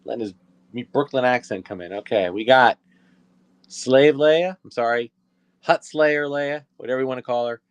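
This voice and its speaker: A man selling collectible figures on a live stream, talking casually to viewers and often correcting himself between quick auction calls. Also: mid-range voice, clear, resonant tone. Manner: chatty, self-correcting, quick asides to viewers.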